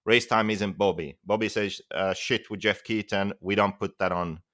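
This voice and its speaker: A man's voice: fairly low pitch, fairly even intonation, normal speed, fairly bright tone. A man co-hosting a hobby podcast, speaking firmly and steering a heated talk back on track. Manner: firm and steadying, reins the talk in. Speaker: podcast co-host. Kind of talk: casual podcast chat.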